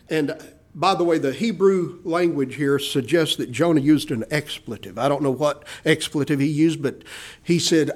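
A middle-aged man preaching a sermon, animated, acting out the people he quotes. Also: moderate pace. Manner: animated preaching, voicing quoted people with rises in pitch and volume. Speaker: pastor.

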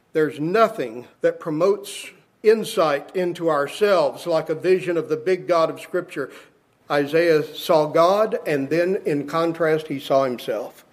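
A man preaching a sermon, emphatic, repeating words for stress and acting out the scripture he quotes. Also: on the high side.

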